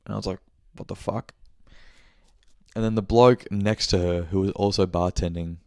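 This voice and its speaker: A man's voice: sits low, fairly even intonation, moderate pace, smooth, dry recording, clean studio sound. A young man telling a rambling story on his podcast, swearing and correcting himself as he goes. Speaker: podcast host. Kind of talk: casual monthly check-in chat.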